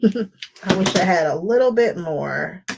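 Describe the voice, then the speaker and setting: A quilting livestream host chats casually while paper-piecing live, drifting into tangents and greeting viewers by name. Her voice is fairly low, gravelly and expressive, and she takes it slowly. Background noise is present.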